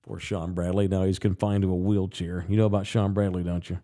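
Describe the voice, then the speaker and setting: A man hosting a podcast, telling a story in a casual, profane and animated way. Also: deep voice, fairly quick. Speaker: podcast host.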